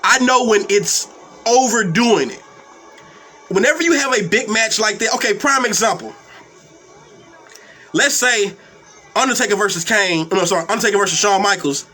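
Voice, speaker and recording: A man's voice: high voice, normal speed, pauses often, sharp tone, soft background music. A young man hosting a wrestling talk stream, ranting angrily with a lot of cursing and repeated, stumbling words. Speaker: wrestling commentary host. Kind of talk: profane live-stream rant.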